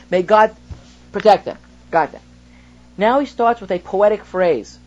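A man's voice: high-pitched, unhurried, long pauses, a little mellow. Male rabbi, class lecture: explanatory, poses rhetorical questions; muffled lo-fi recording. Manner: explains by example, poses rhetorical questions, reads Hebrew then translates. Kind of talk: text study lesson.

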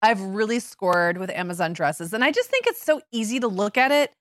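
A woman co-hosting a podcast in casual chat, telling stories in an animated way and laughing often. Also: mid-range voice, a little fast, a little hiss or hum. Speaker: podcast co-host.

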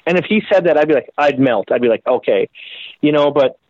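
Being interviewed, a custom bike builder from the Minneapolis area tells stories in a casual, profane, self-deprecating way. He talks fast in a slightly high voice, and the dry, phone-like audio has no echo.

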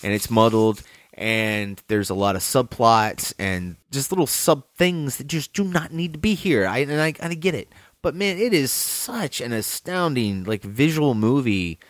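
Enthusiastic halting man on a film podcast. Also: mid-range voice, lively intonation, dry recording, clean studio sound. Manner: enthusiastic, halting, full of "like" and "dude". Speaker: podcast co-host. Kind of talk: casual film chat.

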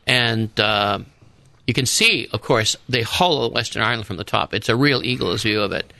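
A man, a priest, is a guest on a radio talk show, telling rambling travel stories and restarting his sentences. His voice is gravelly and bright with a forceful edge. The studio sound is close and dry. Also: lowish voice, moderate pace, no echo. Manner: rambling storyteller, restarts often. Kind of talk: casual radio discussion.

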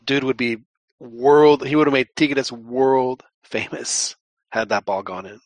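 A man's voice: medium pitch, unhurried, no room sound. A man hosting a casual podcast chat, rambling with many restarts. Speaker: podcast host.

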